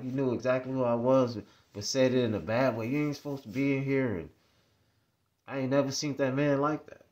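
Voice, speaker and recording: A man's voice: medium pitch, darkish tone. Man rambling through a casual story. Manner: rambling, repetitive, conversational. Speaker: vlogger.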